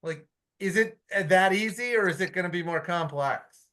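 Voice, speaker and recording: A man on a town committee arguing his point in a meeting, animated and blunt, with frequent restarts. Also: high voice, moderate pace. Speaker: committee member. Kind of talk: meeting discussion.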